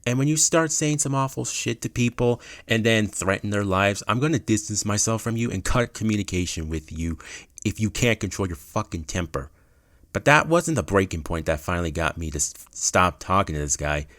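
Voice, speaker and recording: A man's voice: lowish voice, expressive, moderate pace, a bit bright, no room sound, studio quality. A young man telling a gaming story in a casual storytime manner, swearing freely as he goes.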